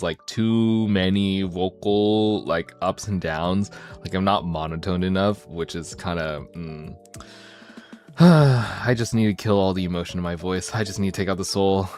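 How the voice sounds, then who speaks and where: A man chats casually on a stream, joking and animated, his voice ranging from mumbles to high, excited bursts.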